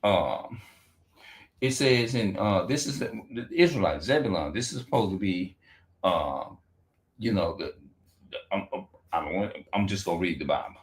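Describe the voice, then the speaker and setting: A man talking off the cuff on a livestream, rambling and profane, repeating and restarting his words, and reading aloud slowly with stumbles. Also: deep voice, expressive. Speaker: livestream host. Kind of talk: unscripted livestream monologue.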